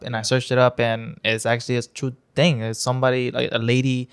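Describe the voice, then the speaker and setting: A man's voice: medium pitch, brisk, smooth. A young man co-hosting a podcast, rambling through a spooky story in casual chat. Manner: rambling storyteller, animated retelling. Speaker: podcast co-host.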